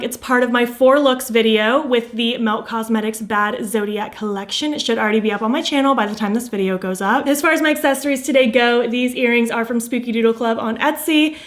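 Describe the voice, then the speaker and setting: A woman's voice: on the high side, fairly quick, hardly any pauses. A young adult woman chatting in a casual beauty vlog, bubbly and enthusiastic, her voice a bit tired from hours of filming. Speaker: beauty vlogger.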